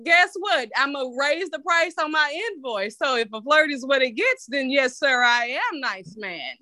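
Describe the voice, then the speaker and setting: Outspoken woman on a podcast, aave, bright high voice, laughs a lot, dry close sound. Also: expressive, moderate pace, no room sound. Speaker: podcast guest. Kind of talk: casual podcast chat.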